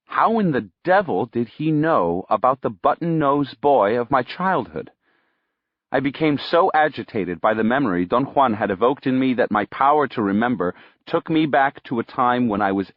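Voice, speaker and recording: A man narrating an audiobook in the first person, in a steady storytelling way. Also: mid-range voice, no room sound. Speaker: audiobook reader. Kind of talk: scripted narration. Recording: dull, dry lo-fi recording.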